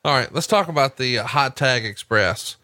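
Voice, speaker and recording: Male host, playful needling, bright tone, dry close mic. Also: medium pitch, lively intonation, moderate pace, no echo. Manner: teasing, feeds questions, laughs along. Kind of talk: casual chat.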